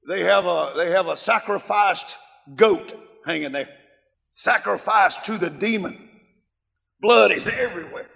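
A middle-aged man preaching a sermon, telling a story with fervent emphasis and bursts of shouting. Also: high-pitched, vocal fry. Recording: long hall reverb.

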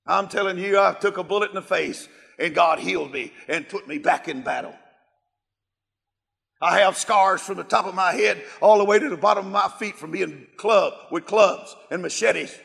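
A middle-aged man preaching a sermon, telling a story with fervent emphasis and bursts of shouting. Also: sits high, gravelly. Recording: long hall reverb.

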